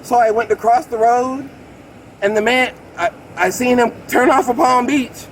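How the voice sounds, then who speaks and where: A man in his late thirties, with a very high voice at a moderate pace, gives a police officer an agitated, rambling account beside a road outdoors. Captured on a body camera, he's excitable and keeps saying "bro." The rough recording has a bit of hiss or hum.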